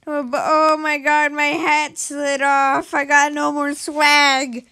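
An excitable woman narrates a game role-play in a high, bright voice. She talks at an unhurried pace and keeps bursting into loud, shouted exclamations. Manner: excitable, with sudden shouted outbursts. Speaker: gameplay narrator.

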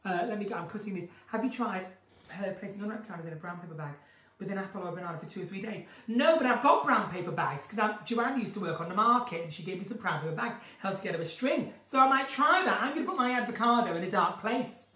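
A woman's voice: medium pitch, animated, fast, pushed and bright. A woman hosting a casual live chat from home, reading out viewer questions and answering them in a chatty, theatrical way. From northern England. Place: at home, room with a window to her garden. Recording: roomy, distant home stream audio.

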